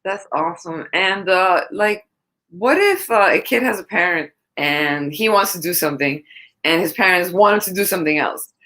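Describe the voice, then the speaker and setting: A woman's voice: lowish voice, normal speed, a bit bright. A woman hosting a casual interview, who encourages her guest and asks open questions. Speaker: host.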